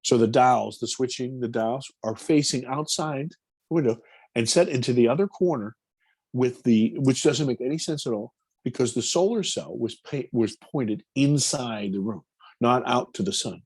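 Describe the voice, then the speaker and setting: A man, a film producer, telling a personal story in an interview, animated and acting out his own quotes. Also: mid-range voice, normal speed, breathy edge.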